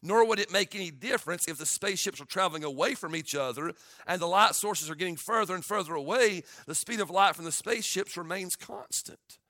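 High-voiced bright preacher, dry sound. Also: male voice, a little fast, dry recording. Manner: impassioned, rising to shouts of awe. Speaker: pastor. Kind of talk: sermon.

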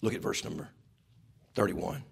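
A man preaching a sermon, swinging from loud shouting to hushed whispers. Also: low voice, animated, moderate pace, vocal fry, husky. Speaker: pastor.

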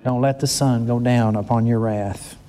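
A man's voice: fairly even intonation, normal speed, warm tone. An older man, preaching a sermon in an emotional, earnest way and breaking off to restart his sentences often. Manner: emotional, rising pitch when stirred, frequent restarts. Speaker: pastor.

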